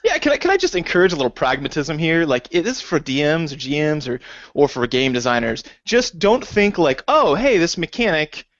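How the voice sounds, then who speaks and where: A man co-hosting a casual podcast chat, talking lively and slipping into high, exaggerated quoted voices. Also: fairly quick, no room sound. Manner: animated, jumps into high acted quotes. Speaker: podcast co-host. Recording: dull dry lo-fi recording.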